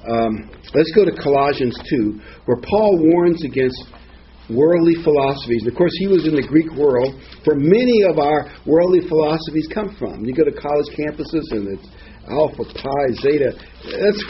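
A man's voice: fairly high pitch, expressive, moderate pace, highs cut off, slight background noise. A man giving an informal Bible teaching, rambling and digressive, with frequent asides and fillers. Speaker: preacher.

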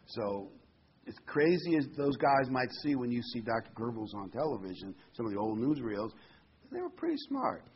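A man's voice: medium pitch, normal speed, slight background noise. A man preaching a conversational sermon, stressing points by repeating phrases. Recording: dull lo-fi recording.

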